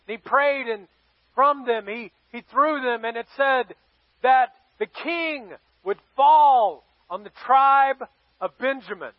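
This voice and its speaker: A man's voice: extremely high pitch, takes it slowly, no room sound, lo-fi sound. A man preaching a sermon as pastor, telling a scripture story in a playful, joking way.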